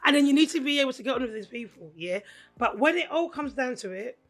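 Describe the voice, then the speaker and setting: A Nigerian-born woman co-hosting a podcast in casual chat, her voice hoarse, laughing often as she tells stories. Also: sits high, fast, soft background music. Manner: laughs often, animated storytelling. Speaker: podcast co-host.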